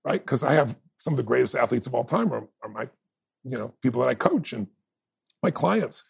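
A man in his fifties with a gravelly, husky voice tells his story as a podcast guest. He acts out what other people said and laughs along the way. His pitch sits in an ordinary middle range. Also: lively intonation, a little fast. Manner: acts out quoted dialogue, laughs often. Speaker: interview guest. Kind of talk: animated storytelling in conversation.

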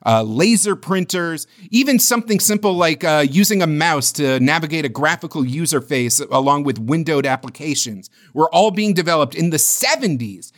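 A podcast co-host, a man with a somewhat high voice, talking through his research notes. He pauses often as he works through the details. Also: a bit bright. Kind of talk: casual podcast chat.

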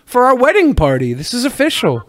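A man's voice: very high voice, wildly swooping pitch, fairly quick. A man co-hosting a podcast, joking crudely and teasing his guests in casual banter. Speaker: co-host.

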